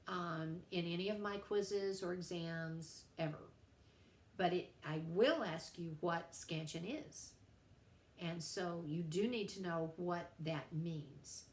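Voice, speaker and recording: A middle-aged woman teacher giving a friendly, playful recorded lecture to her class. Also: fairly low pitch. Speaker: writing teacher. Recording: roomy sound with faint background hum.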